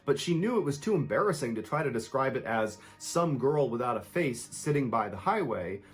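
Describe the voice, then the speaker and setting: A man's voice: mid-range voice, very animated, brisk, soft background music. A man telling true scary stories as scripted narration, with a dramatic delivery that acts out the people in the story.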